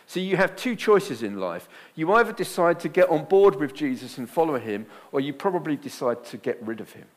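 A man's voice: a little high, big pitch swings, fairly quick. Emphatic male preacher mid-sermon. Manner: emphatic, rising to loud bursts then dropping quiet; repeats phrases for emphasis.

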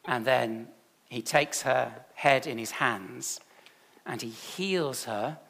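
A man's voice: mid-range voice, slow pace, creaky, a bit bright. A man, a church leader giving a chatty, self-deprecating sermon full of stories.

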